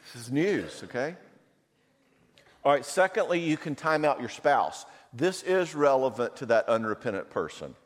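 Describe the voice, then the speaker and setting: A man's voice: medium pitch, normal speed. A middle-aged man giving a conversational talk, telling personal stories and acting out the voices he quotes. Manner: animated storyteller who acts out quoted voices. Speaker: speaker on marriage and anger. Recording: long hall reverb.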